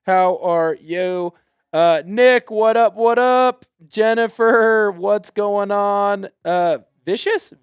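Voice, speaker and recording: Hype guy hosting a live stream, high smooth voice, dry close mic. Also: extremely slow, dry recording, lo-fi sound. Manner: upbeat, shouting out chat viewers. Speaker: host. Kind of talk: live sports stream chat.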